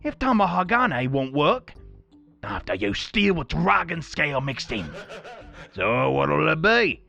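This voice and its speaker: Man doing a loud, gravelly, high Aussie demon smith from a video game, all bluster. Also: measured pace, lo-fi sound, soft background music, heavily acted. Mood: gruff. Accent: put-on Australian. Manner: loud, shouty, excitable. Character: brash boastful male demon blacksmith, hot-tempered. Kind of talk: reading game dialogue aloud in character.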